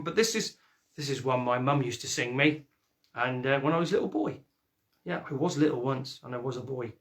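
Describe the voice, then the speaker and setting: A man's voice: medium pitch, a bit bright. A man singing folk songs and chatting between them in a jokey way. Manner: sings folk songs, then chats fast and jokey. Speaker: singer and host.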